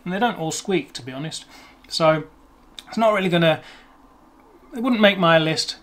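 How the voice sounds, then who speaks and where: An English-accented man talks through a pronunciation lesson in a relaxed, chatty way. His voice sits a little high for a man. He slows down to spell out tricky sounds and pokes fun at himself as he goes. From England. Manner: chatty, self-deprecating, slows to sound out words. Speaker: language teacher. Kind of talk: casual explanatory lesson.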